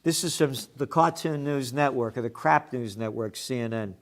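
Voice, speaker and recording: A man's voice: medium pitch, normal speed. A man hosting an opinionated news commentary show, blunt and sarcastic, with profane heated outbursts. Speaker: host of a trends commentary show.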